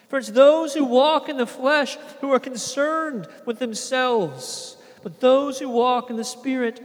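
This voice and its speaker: A man's voice: extremely high pitch, unhurried, few pauses, in a large hall. A man preaching a sermon as pastor, earnest and conversational, acting out everyday quotes.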